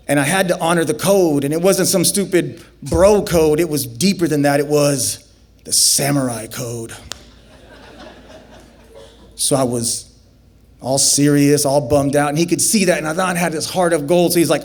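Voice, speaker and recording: A man telling a comic story live on a festival stage, animated and acting out the scenes. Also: a little high, moderate pace.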